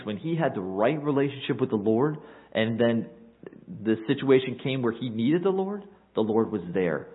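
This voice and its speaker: A man preaching a sermon in an earnest, emphatic way, lifting his voice on key points. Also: lowish voice. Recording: tinny phone-like audio.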